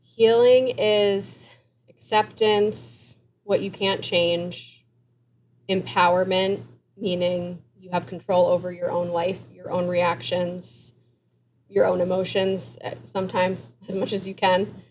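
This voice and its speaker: A woman's voice: lowish voice, level tone, a little mellow, a little hiss or hum. Earnest woman therapist as podcast guest. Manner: earnest, open, quick asides with light laughs. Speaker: therapist and author. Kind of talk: interview guest, candid conversational storytelling.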